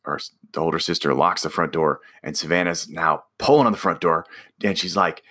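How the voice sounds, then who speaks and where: A man's voice: low-pitched, steady tone, brisk, fairly bright tone. A man casually telling a personal story about a driving job, rambling with restarts and fillers.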